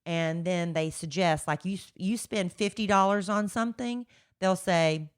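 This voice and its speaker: A woman's voice: lowish voice, measured pace, smooth. A middle-aged woman, co-hosting a podcast, chatting in a rambling, defensive way. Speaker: podcast co-host. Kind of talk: casual chat.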